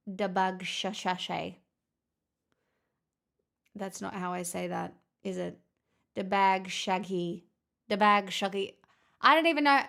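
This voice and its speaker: A woman hosting a livestream chats casually and teases her chat with jokey banter. Her voice is medium-pitched, gravelly, bright, and forceful.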